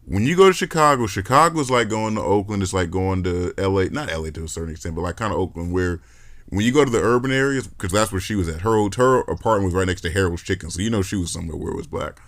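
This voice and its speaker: A man hosting a podcast in casual chat, telling stories in an animated, joking, profane way. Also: low voice, fast talker. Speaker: podcast host.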